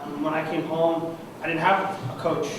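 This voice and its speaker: A young man with a high voice gives an award acceptance speech, heartfelt and halting. He sounds emotional, and he is heard from a distance in a large, echoing banquet hall with a steady hum of noise around him. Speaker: award recipient. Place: large banquet room at an annual meeting. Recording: echoey hall from far off, noisy.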